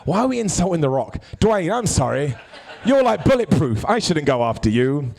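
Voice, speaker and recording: A man's voice: on the high side, normal speed, vocal fry, breathy edge. A man hosting a live wrestling review show, joking and bantering with people in the crowd. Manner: jokey, animated, bantering with hecklers.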